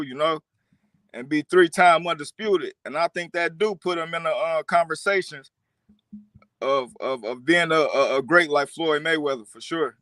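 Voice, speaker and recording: Relaxed fan from Detroit, dry sound. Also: male voice, a little high, dry recording. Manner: relaxed, repeats words, trails off with fillers. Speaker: call-in guest, boxing fan. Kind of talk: casual chat.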